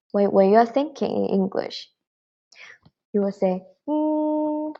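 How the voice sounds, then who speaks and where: A woman teaching a beginner Mandarin lesson, patiently and clearly demonstrating tones. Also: medium pitch, mellow, lo-fi sound.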